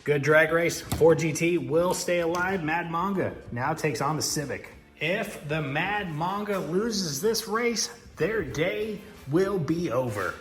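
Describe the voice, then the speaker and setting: Guy doing toy car race commentary, kinda high voice, hype announcer vibe, roomy echo, music under it. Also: expressive, slow, fairly bright tone. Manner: hyped announcer, sports-style calls. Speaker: diecast racing host. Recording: echoey room with music.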